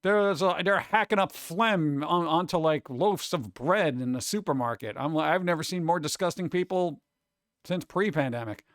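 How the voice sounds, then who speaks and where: A man's voice: on the high side, normal speed, a bit bright, no room sound, clean studio sound. A man streaming live, chatting casually and reading chat messages, rambling and joking with a sarcastic edge.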